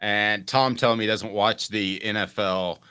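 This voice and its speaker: A man's voice: fairly low pitch, steady tone, moderate pace, sharp tone, clean tone. A man hosting a casual sports talk show, upbeat and steering the chat with questions to his co-host.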